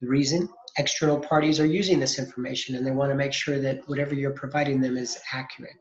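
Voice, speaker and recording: A man's voice: mid-range voice, fairly even intonation, fast talker. A man teaching an accounting lesson, explaining step by step and posing questions he then answers himself. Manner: explanatory, asks and answers his own questions, frequent restarts. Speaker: accounting instructor. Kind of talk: recorded lecture. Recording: echoey, dull lo-fi recording.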